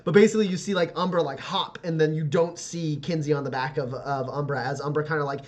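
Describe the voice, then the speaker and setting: A man's voice: on the high side, fairly even intonation, quick pace. A man narrating a tabletop role-playing game as game master, rambling with lots of "like" and "uh" and laughing often.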